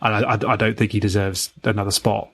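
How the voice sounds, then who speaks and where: A man's voice: on the low side, quick pace. A man co-hosting a casual podcast, talking animatedly and mimicking other people's voices in his stories. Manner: animated, acts out quotes in a mocking voice. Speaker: podcast co-host. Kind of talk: casual chat.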